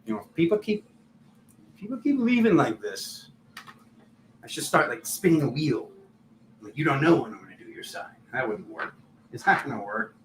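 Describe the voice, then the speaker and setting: Chatty higher-voiced man reading tarot. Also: big pitch swings, normal speed, long pauses. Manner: chatty, filler-heavy, laughs at himself. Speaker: tarot reader and channel host. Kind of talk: casual live tarot reading. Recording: echoey room, faint background noise.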